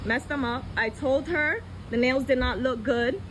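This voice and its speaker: A woman's voice: high-pitched, a little slow, poor audio. A woman complaining bluntly in a casual phone video.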